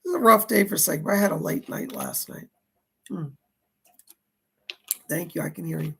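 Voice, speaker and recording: A middle-aged man giving live psychic readings, with a hoarse voice that is going and a chatty manner as he reads out viewer donations and questions. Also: high voice, normal speed, pushed and bright. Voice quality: gravelly. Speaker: psychic medium.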